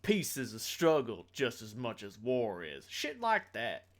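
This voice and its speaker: A man's voice: medium pitch, huge pitch swings, a little slow, a bit bright. Man, game master, in-character role-play, folksy drawl, blunt.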